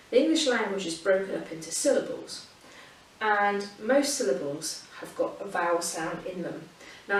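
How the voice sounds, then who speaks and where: A woman's voice: medium pitch, distant mic. Woman teacher, encouraging children's lesson, very echoey room, off-mic, faint hiss. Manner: patient and encouraging, sings a silly song. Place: home during lockdown.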